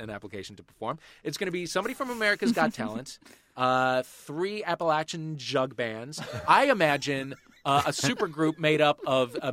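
A man hosting a comedy panel quiz, wry and quick, swearing casually as he reads the questions. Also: on the high side, a bit bright, dry recording. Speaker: quiz show host.

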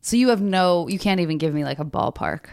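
A woman podcast host in casual chat, asking questions with animated curiosity. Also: on the low side, a little fast, vocal fry.

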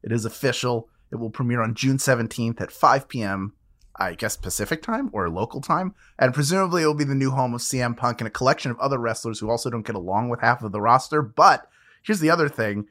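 Bright-voiced tired male podcast host. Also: mid-range voice, lively intonation, fast. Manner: jokey, tired, rambling. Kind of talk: casual chat.

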